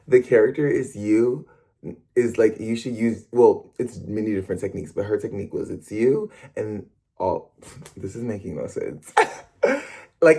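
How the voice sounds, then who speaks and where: A young man who performs on stage, chatting to camera in an animated, rambling way with quick self-corrections. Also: mid-range voice, slightly rough. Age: young adult. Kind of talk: casual talk to camera.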